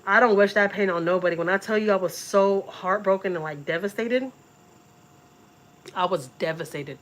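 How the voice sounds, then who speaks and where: A woman's voice: medium pitch, moderate pace. Woman, middle-aged, family vlogger, casual emotional storytelling, repeats words. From Texas. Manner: emotional, repeats words, talks straight to viewers.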